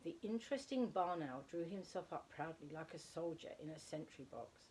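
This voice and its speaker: A woman reading a children's story aloud with expressive delivery, slowing for emphasis. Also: low voice, slight background noise.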